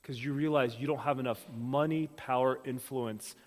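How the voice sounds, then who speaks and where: A man preaching a sermon as pastor, lively and animated, acting out the voices of the people in his story. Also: mid-range voice, moderate pace, long reverb tail.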